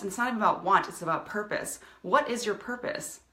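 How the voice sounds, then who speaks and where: This business coach talks fast, her mid-range voice bright and forceful as she fires up viewers on a live video stream. The sound carries reverb, and her motivational delivery is intensely passionate.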